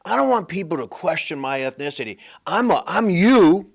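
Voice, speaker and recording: A man's voice: a little high, big pitch swings, normal speed, creaky, heavily acted. A man doing a mocking, exaggerated impression of a female politician who is faking a folksy accent. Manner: exaggerated, sarcastic.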